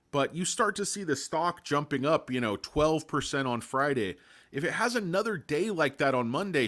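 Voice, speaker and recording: A man's voice: mid-range voice, sharp tone. A man hosting a casual live stream on stocks, rambling through his points, making crude jokes and greeting chat viewers by name. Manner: rambling, crude joking asides. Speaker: stock market livestream host.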